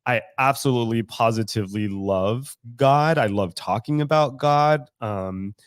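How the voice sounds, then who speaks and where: A man's voice: mid-range voice, unhurried, clean tone, no room sound, studio quality. A man talking as guest co-host of a podcast, candid and full of swearing, laughing often as he tells a story. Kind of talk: casual podcast chat. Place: recovery club in a room.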